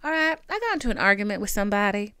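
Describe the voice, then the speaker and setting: A woman with a Southern country accent, hosting a podcast and giving candid advice in an animated, sassy way with lots of emphatic repetition. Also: medium pitch, very fast, clear, resonant tone, dry recording. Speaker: podcast host.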